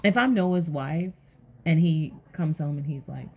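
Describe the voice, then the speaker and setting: A woman giving an energetic motivational sermon, firing rhetorical questions and breaking into sudden loud exclamations. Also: sits low, a little slow, lo-fi sound, a little hiss or hum. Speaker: motivational faith speaker.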